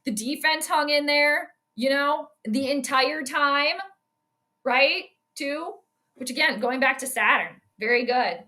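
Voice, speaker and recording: A woman talks her way through a game live on a stream, chatty and quick to react out loud. Her voice sits high and sounds bright and forceful. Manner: excitable, chatty, reacts loudly to plays. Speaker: astrologer and sports streamer.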